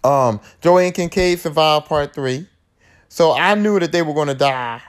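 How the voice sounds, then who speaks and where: A man hosting his own podcast, retelling horror movies in a loose, rambling way full of slang and profanity. His speaking voice sits a little higher than most men's. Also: unhurried. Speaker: podcast host. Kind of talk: casual movie recap.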